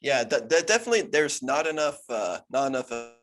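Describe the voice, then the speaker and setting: A man co-hosts a casual movie review chat on a podcast, easygoing and agreeable, with stammered restarts. He speaks fairly quickly in a medium-pitched, sing-song, slightly bright voice.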